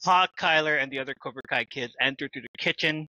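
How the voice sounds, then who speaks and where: A man's voice: medium pitch, fast talker, pushed and bright, low-quality recording. A man co-hosting a casual podcast, recapping a TV episode with jokes, fillers and mock-dramatic asides. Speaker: podcast co-host.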